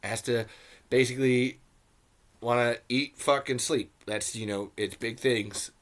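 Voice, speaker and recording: Brief: a male podcaster, mid-pitched, casual and profane, riffing on a film. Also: steady tone, a little slow, a bit bright. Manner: rambling, profane, joking. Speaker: podcast host. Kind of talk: casual movie commentary.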